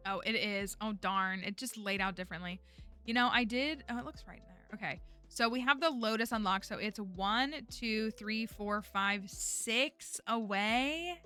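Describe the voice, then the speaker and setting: A woman's voice: medium pitch, a little slow, sharp tone, clean tone, soft background music. A woman streaming a game, talking casually and rambling with lots of fillers. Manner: chatty, rambling, many fillers like "like" and "um". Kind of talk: casual gameplay chat.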